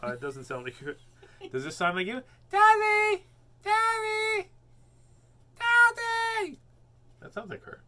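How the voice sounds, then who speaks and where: Bright-voiced joking man host. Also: mid-range voice, lively intonation, fast. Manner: rambling, jokey, many fillers. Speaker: host reading children's books. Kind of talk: casual chat.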